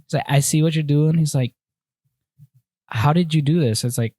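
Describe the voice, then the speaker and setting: A man's voice: fairly high pitch, moderate pace, no room sound, studio quality. A young man hosting a casual podcast chat, candidly telling stories and acting out what people said. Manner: candid, animated storytelling with acted-out quotes. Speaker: podcast host.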